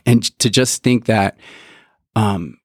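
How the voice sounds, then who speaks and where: A man's voice: on the low side, slow, husky, no echo, clean studio sound. A man around forty telling his faith testimony in casual chat, earnest and full of "dude" and "like". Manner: earnest, says "dude" constantly.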